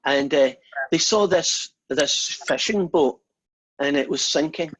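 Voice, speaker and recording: Speaking slowly in a high, fairly bright, slightly rough voice, a math teacher jokes and chats through a casual video-call lecture. He uses many fillers and restarts, and the online call audio sounds dull and lo-fi.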